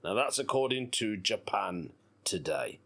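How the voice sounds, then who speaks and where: A man's voice: on the low side, very animated, a little slow, vocal fry, fairly bright tone. A British man in his thirties hosting a casual solo podcast, laughing often and talking in a playful, giggly way. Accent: British English. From Britain. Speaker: podcast host. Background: faint background music.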